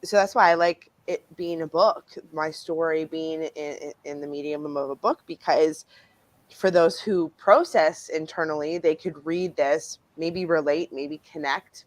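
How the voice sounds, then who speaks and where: Guest author, woman from Canada, low voice, dry close sound; chatty and expressive. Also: no room sound, rough recording. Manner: animated, laughing, acts out quoted voices. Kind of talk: casual interview talk.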